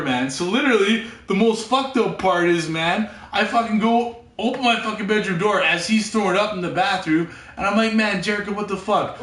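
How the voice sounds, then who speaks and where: A man telling a story casually, rambling, repeating himself and swearing constantly, sometimes getting loud and excited. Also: high-pitched, reverberant, distant mic. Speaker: podcast storyteller.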